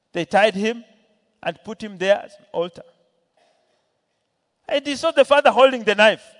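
A man preaching a sermon to a church, telling a Bible story and voicing its characters as he goes. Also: high voice. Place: church hall. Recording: long hall reverb.

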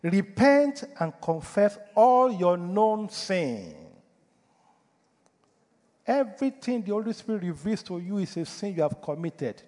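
A man's voice: high voice, in a large hall. A male pastor delivering a sermon, preaching emphatically and putting rhetorical questions to the congregation. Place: church.

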